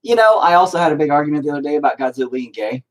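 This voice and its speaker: A man's voice: a little high, animated, rapid-fire. A man streaming live as he paints, chatting casually in a profane, exasperated rant. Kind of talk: casual livestream chat.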